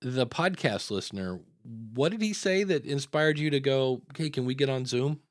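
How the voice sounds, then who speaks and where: A man's voice: medium pitch, animated, moderate pace, dry recording, studio quality. A man hosting a casual podcast chat, telling stories and acting out what people said. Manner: conversational, storytelling, acts out quotes. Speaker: podcast host.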